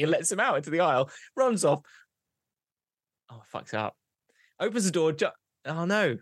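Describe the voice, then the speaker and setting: A man's voice: on the high side, big pitch swings, a little fast, long pauses, husky, dry recording, studio quality. A young man, a podcast co-host, telling a long rambling joke, losing his place and starting over. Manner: rambling, loses track, restarts.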